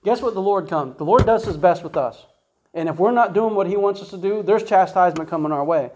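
A man preaching in a fairly high voice. He talks casually and keeps asking rhetorical questions as he teaches from the Bible. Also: a little fast, darkish tone, a little hiss or hum, poor audio. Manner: conversational, asks rhetorical questions, says "right?" and "guess what?" often.

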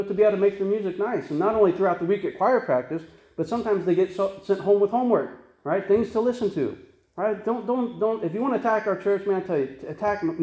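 High-voiced pastor in echoey room. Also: male voice, warm tone. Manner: earnest, conversational, frequent restarts and tag questions. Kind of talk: sermon.

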